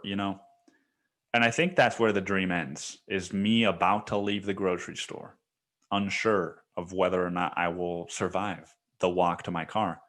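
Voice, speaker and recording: A man's voice: low voice, fairly even intonation, moderate pace, fairly bright tone. A man hosting a solo podcast, recounting a dream in a casual, profane storytelling manner. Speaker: podcast host.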